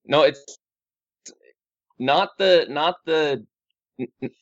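A man's voice: fairly high pitch, slow pace, no echo. A man chatting casually with friends, rambling through his news with many restarts and fillers. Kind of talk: casual group chat. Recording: dull lo-fi recording.

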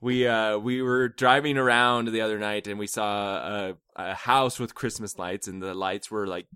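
A man's voice: lowish voice, steady tone, normal speed, bright, forceful tone, smooth, no room sound, clean studio sound. A man chatting casually with his co-host about their kids, talking loosely with fillers and restarts. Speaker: co-host, parent. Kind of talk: casual family chat.

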